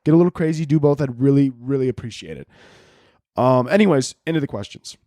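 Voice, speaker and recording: A man's voice: medium pitch, expressive, fast, mellow, no echo, studio quality. A young man from the Chicago area hosting his own podcast, ranting crudely and jokingly with lots of fillers. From Chicago area, United States. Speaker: podcast host. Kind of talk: casual solo podcast rant.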